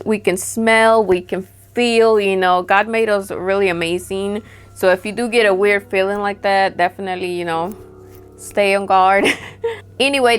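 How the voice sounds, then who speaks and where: Chatty woman telling a spooky story. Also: medium pitch. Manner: chatty, peppered with "like" and acted-out quotes. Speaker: storytime vlogger. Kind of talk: casual spoken storytelling.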